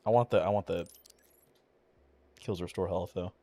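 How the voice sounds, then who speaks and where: Low-voiced and mellow, this man speaks at a moderate pace with a steady tone while streaming a video game. He chats casually and rambles, swearing a lot and using plenty of fillers, mumbling, and occasionally his voice cracks.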